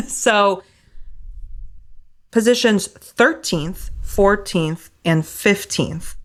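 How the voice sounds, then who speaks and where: A woman co-hosting a podcast in casual chat, excited and rambling, swearing casually. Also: medium pitch. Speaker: podcast co-host.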